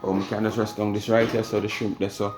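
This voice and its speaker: A man's voice: fairly low pitch, flat delivery, fast talker, a little mellow. A man with a Jamaican accent chatting casually to his viewers while he cooks in his home kitchen. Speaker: cooking vlogger. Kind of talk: casual cooking talk. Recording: echoey kitchen with music behind.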